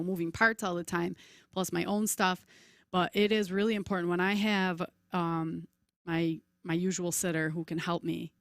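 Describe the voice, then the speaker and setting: A woman in her forties, a podcast guest in casual chat, telling lively stories and acting out voices. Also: on the low side, vocal fry, no echo, studio quality. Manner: chatty, animated storyteller, acts out voices.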